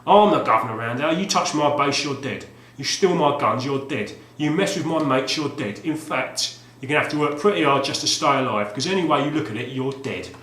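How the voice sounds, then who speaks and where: A man's voice: mid-range voice, animated, natural voice. A man putting on a brash tough-guy announcer. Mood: menacing. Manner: loud, threatening, drawn-out delivery. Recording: roomy echo, faint background hum.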